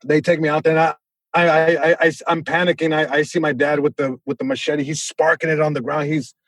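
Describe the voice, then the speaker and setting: A young man tells a story on a podcast, acting out other people with sudden loud bursts. His voice sits a little high and has a husky grain. The sound is dry and close, with no room around it. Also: little pitch movement, fairly quick, dry recording. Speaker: comedian guest. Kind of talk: casual storytelling.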